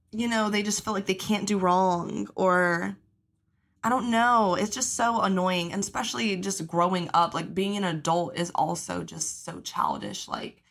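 A woman's voice: medium pitch, fairly bright tone. A woman in her twenties hosting a podcast, talking in a casual monologue, acting out the people she quotes, swearing freely, with lots of fillers. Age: 20s. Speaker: podcast host.

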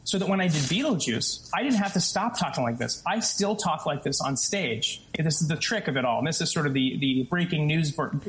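Animated man with a high tenor voice. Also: quick pace, hardly any pauses, low-quality recording. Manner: animated, explains in restarts and asides. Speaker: stage actor as guest. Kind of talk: casual interview talk.

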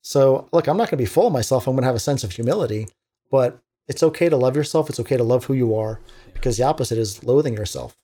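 A man who works as a teacher, talking casually on a podcast in an animated, motivational way, acting out little quotes. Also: mid-range voice, fast talker. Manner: animated, preachy motivational talk with acted-out quotes.

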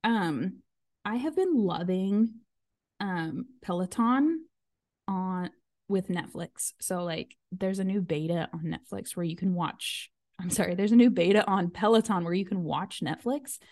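A woman's voice: mid-range voice, measured pace, a little mellow, no echo, studio quality. A woman in her thirties hosting a podcast, chatting casually and filling her talk with "um" and "like". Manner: chatty, full of fillers and "like". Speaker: podcast host. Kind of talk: casual chat.

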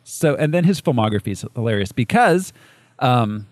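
A man co-hosting a laid-back movie chat, talking in loose, rambling runs full of fillers and little laughs. His pitch moves around a lot as he goes, and the recording is dry and close. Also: sing-song, moderate pace, darkish tone, no echo. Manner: rambling, many fillers and restarts, laughs often. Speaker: podcast co-host. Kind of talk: casual movie review chat.

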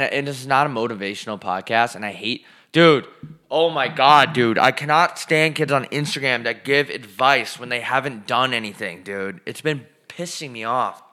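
A man's voice: mid-range voice, sharp tone. A man co-hosting a casual podcast from his living room, ranting profanely and emphatically, a little out of breath. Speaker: podcast co-host.

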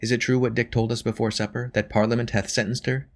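A man voicing a proud, insistent noblewoman in a storybook reading, with a raised pitch. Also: flat delivery, fast talker, lightly acted.

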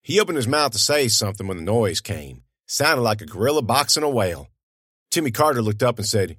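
A man's voice: mid-range voice, sing-song, a little fast, a bit bright, dry recording, studio quality. A man narrating an audiobook in a folksy, conversational storytelling manner.

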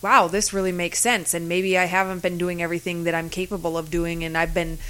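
A woman's voice: fairly low pitch, flat delivery, fairly quick, pushed and bright, clean tone. A woman co-hosting a podcast, talking in a casual, earnest way. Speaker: podcast co-host. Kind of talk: casual chat.

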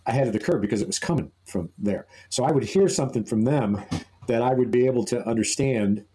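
Podcast co-host, male, mellow tone, loose rambling storyteller. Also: mid-range voice, lively intonation, fast talker, poor audio. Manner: rambling, amused anecdote-telling with many restarts. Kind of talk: casual storytelling chat.

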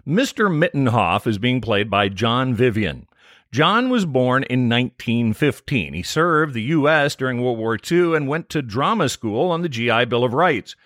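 A man's voice: mid-range voice, lively intonation, normal speed, a bit bright, dry recording, studio quality. A man co-hosting a podcast, reading a scripted episode recap with trivia in an upbeat manner. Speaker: podcast co-host.

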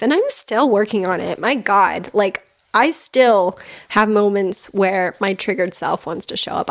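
A woman talks frankly about healing work in a personal monologue. She is emphatic and blunt, swears now and then, and speaks at an average pitch. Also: gravelly. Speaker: podcast host, healing coach.

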